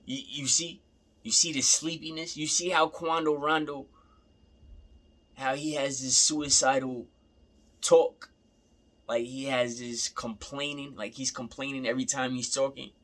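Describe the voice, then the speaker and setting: A man's voice: medium pitch, fairly even intonation, a little slow, fairly bright tone. A young man in a casual, rambling rant, repeating himself and swearing freely. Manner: rambling, repeats himself, profane, laughing asides.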